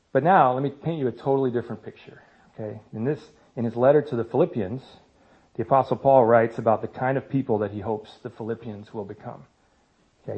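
A man in his thirties speaking to a church congregation about parenting, in a conversational way with self-mocking humor. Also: mid-range voice. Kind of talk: church talk. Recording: slightly dull lo-fi sound.

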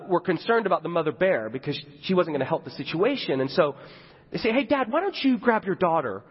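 A young man gives a sermon in a husky, slightly high voice. He tells his story candidly, with chatty asides and self-mocking humour. The sound is dull and lo-fi, with the long reverb of a big hall. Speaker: pastor.

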